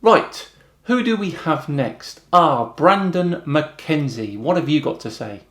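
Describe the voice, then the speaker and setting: A British man hosting a video, reading out rude comments and answering them with dry, deadpan mockery. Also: fairly high pitch, slow, roomy sound. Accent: British English. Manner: dry, mocking, deadpan retorts. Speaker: host.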